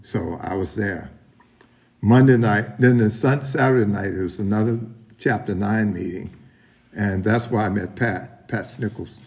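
Gravelly man rambling through a testimony. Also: fairly low pitch, measured pace, a little mellow. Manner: rambling, repeats and restarts, addresses the room. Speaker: recovery meeting speaker. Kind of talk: personal testimony at a meeting.

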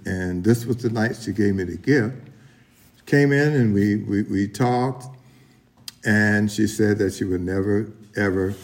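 A man's voice: lowish voice, gravelly. A middle-aged man sharing his story at a recovery meeting, rambling with many restarts and talking straight to the room. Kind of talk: personal testimony at a meeting.

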